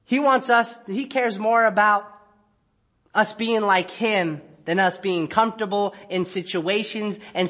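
A man preaching a sermon in a church, talking to the congregation in a conversational way, acting out frustrated everyday asides and dropping low and quiet to stress key points. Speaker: pastor. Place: church sanctuary.

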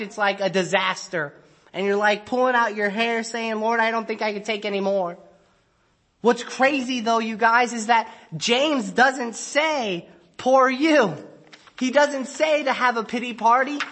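Man, high voice, church sermon, conversational, acted-out asides, drops low and soft for emphasis. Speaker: pastor. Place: church sanctuary.

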